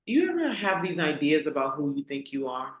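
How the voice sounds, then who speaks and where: A woman hosting a casual motivational talk for her online community, asking rhetorical questions and repeating key lines slowly for emphasis. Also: low-pitched, big pitch swings, reverberant. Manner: conversational, asks the audience rhetorical questions. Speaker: host.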